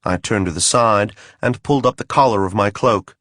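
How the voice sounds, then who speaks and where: A man's voice: fairly low pitch, normal speed, a bit bright, no room sound. A man reading a first-person fantasy audiobook in a dry, wry manner. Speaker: audiobook narrator.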